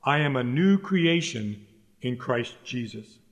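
A man's voice: medium pitch, lively intonation, slow pace. A man preaching a sermon, earnest and emphatic, pleading with the listeners and repeating his key phrases. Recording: long hall reverb.

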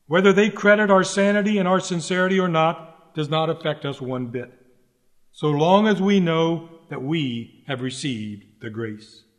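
A man's voice: on the high side, moderate pace. A man preaching a sermon, earnest and emphatic, pleading with the listeners and repeating his key phrases. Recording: long hall reverb.

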